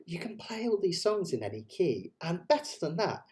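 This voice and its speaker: With a high, sing-song voice at normal speed, a man runs a casual online ukulele session. He chats and breaks the chords down step by step as loud ukulele music sounds behind him.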